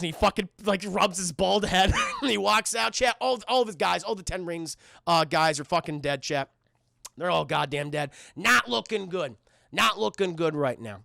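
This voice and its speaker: A man with a New York accent giving a rapid, profane, animated film recap to his livestream chat. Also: high voice, creaky, no echo, clean studio sound. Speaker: film review streamer.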